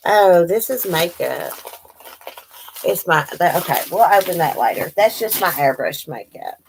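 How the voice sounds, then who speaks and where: A woman's voice: on the low side, lively intonation, unhurried, vocal fry, noisy background. A woman chatting casually to her viewers at home, gushing and apologetic. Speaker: vlogger opening mail. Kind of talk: casual chat to camera. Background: dogs barking now and then.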